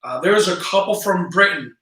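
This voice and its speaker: A man's voice: high-pitched, animated, moderate pace, sharp tone, echoey room, distant mic, low-quality recording. A man with a South Jersey accent hosting a casual travel livestream, chatty and friendly, greeting viewers and reading their comments. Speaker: travel channel host. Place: indoor room at home.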